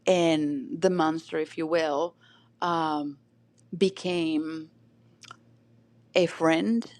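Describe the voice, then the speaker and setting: Low, gravelly Chilean woman guest. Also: darkish tone, dry recording. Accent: Chilean Spanish. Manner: reflective, storytelling, many fillers. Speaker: podcast guest. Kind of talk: casual conversation.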